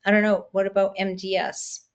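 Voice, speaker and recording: A woman's voice: mid-range voice, completely flat delivery, moderate pace, smooth. A woman moderating an online support group, speaking in a friendly, encouraging way while sounding tired. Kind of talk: casual video call chat. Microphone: video call.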